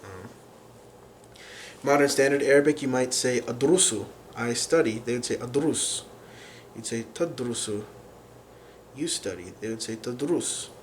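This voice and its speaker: A man explaining a language lesson in an unhurried way, pausing often with fillers as he works through examples. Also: mid-range voice, slight background noise. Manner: unhurried, many fillers and restarts while explaining. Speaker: language teacher.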